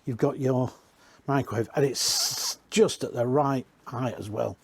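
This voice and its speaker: A man's voice: medium pitch, a little slow, vocal fry, noisy background. A man giving a casual, rambling walk-around tour inside used caravans, chatting and correcting himself as he goes. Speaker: caravan industry reviewer.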